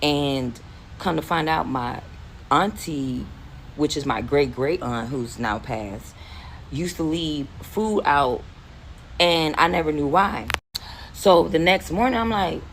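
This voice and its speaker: A woman's voice: low voice, slow, a little hiss or hum, rough recording. A woman in her forties from Philadelphia, telling a casual storytime with lots of swearing. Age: 40s. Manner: animated, profane, rambling.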